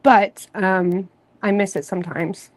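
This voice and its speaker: A woman from Nova Scotia, Canada, hosting a tarot channel, chatting casually and candidly with viewers in a rambling way, full of fillers and soft laughs. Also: mid-range voice, fairly even intonation, a little slow. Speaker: tarot reader and channel host. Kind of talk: casual livestream chat.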